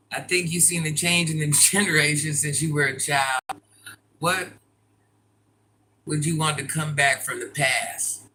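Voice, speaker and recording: A man's voice: a little high, measured pace, long pauses, sharp tone, rough recording. A man chatting on a casual livestream, blunt and preachy with plenty of slang, speaking as a peer support specialist.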